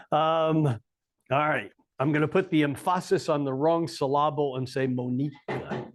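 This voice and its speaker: A male astrologer talking to a live audience in a coffeehouse, in a voice pitched a little high. He explains in a relaxed way and drops in wry joking asides.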